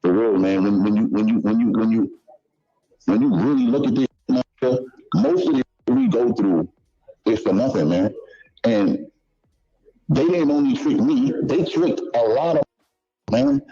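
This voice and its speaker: A man's voice: medium pitch, sing-song, unhurried, creaky, pauses often, warm tone, husky. A man telling stories in a casual, swearing, repetitive street-talk manner. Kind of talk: casual storytelling. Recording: dull lo-fi clip audio.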